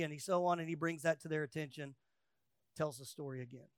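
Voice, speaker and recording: Male pastor, high voice, emphatic sermon delivery, loud peaks and quiet asides, dry close recording. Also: brisk, clear, resonant tone, no echo. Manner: acts out quoted voices with humor.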